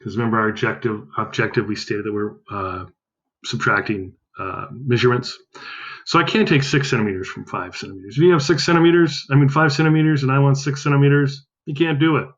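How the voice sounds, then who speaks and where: A man's voice: medium pitch, fast talker, lo-fi sound. A male math teacher giving a recorded lesson, upbeat, counting aloud and correcting himself as he goes.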